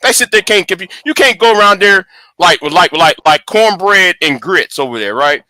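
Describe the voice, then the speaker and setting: A man rants angrily on his channel, repeating and restarting words as he swears. His voice is high and swings widely in pitch. It sounds close and dry. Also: expressive, normal speed, bright, forceful tone, dry recording. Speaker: channel host. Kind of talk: casual livestream rant.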